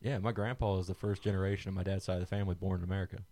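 A man's voice: low-pitched, steady tone, very fast, dark tone, no room sound. A man co-hosting a podcast, telling casual stories full of swearing and laughs. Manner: chatty storyteller, swears freely, laughs often. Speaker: podcast co-host. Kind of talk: casual crude banter. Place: small studio.

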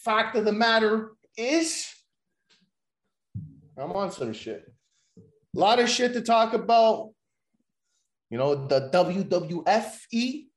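A man hosting a podcast, joking loudly and swearing in crude, excitable banter. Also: high voice, slow pace, long pauses, roomy sound. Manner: loud, joking, profane, excitable. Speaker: podcast host. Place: room recorded in person.

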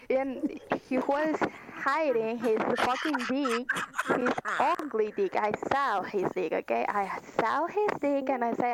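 Slow, high-voiced woman. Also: gravelly, background noise. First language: Spanish. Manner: animated storytelling, heavy swearing, searches for English words. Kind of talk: casual chat.

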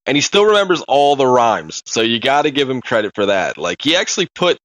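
A man co-hosting a podcast, telling stories in an animated way, laughing often and swearing casually. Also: medium pitch, fairly quick, no echo. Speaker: podcast co-host. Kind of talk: casual chat.

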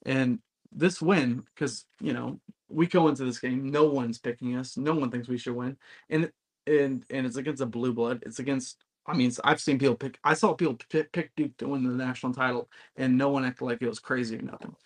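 Male podcast host, mid-pitched, blunt and emphatic; casual fan talk. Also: fairly even intonation, fairly quick. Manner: emphatic, blunt, occasionally profane. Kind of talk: casual sports podcast chat.

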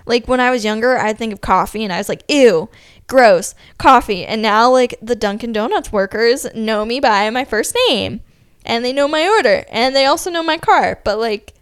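A woman's voice: a little high, normal speed, smooth, no room sound, clean studio sound. Chatty young woman podcast host. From Ohio. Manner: chatty, upbeat, many "like" fillers. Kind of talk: casual solo podcast monologue.

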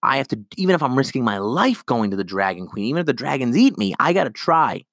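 A man hosting a solo podcast, ranting in an animated, rambling way and acting out characters' lines. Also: medium pitch, fast, dry recording, studio quality. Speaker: podcast host.

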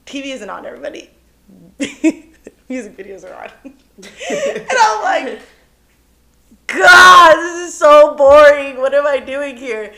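A young woman co-hosting a podcast, telling a story in casual chat, animated and cursing freely, laughing as she goes. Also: a little high. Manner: animated, swears often, laughs through her story. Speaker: podcast co-host.

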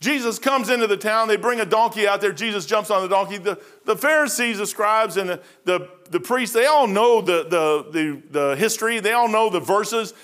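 A man's voice: high-pitched, a bit bright. A middle-aged male pastor preaching a sermon in a rambling, folksy storytelling way, with frequent restarts.

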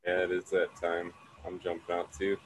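A man on an online group call, speaking in a relaxed, matter-of-fact way. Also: low voice, normal speed, low-quality recording. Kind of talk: casual group chat.

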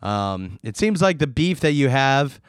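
A man's voice: mid-range voice, big pitch swings, a little slow, clear, resonant tone, no echo, studio quality. A man co-hosting a podcast, trading wisecracks and playful wordplay in casual chat. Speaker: podcast co-host.

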